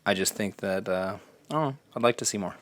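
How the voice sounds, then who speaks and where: A man co-hosting a casual gaming podcast, rambling and animated, swearing and slipping into quick voices for the people he quotes. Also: on the low side. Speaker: podcast co-host. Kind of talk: casual chat.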